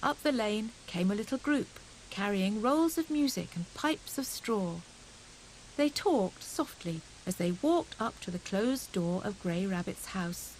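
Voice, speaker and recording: Slow, expressive woman reading a storybook. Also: mid-range voice, slight background noise, poor audio. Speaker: audiobook narrator. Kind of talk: storybook narration.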